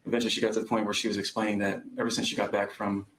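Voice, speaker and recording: A man's voice: fairly low pitch, flat delivery, very fast, background noise. A young man testifying as a witness in court, recounting events hesitantly with frequent ums. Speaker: trial witness.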